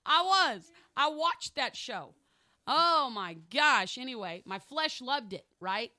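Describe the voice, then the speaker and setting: Woman pastor, middle-aged, preaching with emphatic repetition; bright, somewhat high voice, dry sound. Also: expressive, slow pace, dry recording. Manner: emphatic, repeats phrases for stress; candid personal storytelling. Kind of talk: sermon.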